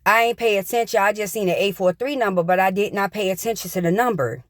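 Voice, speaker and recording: A woman's voice: mid-range voice, quick pace, no echo, clean studio sound. Middle-aged woman telling a personal story. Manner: plain, repetitive retelling with casual slang. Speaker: vlogger.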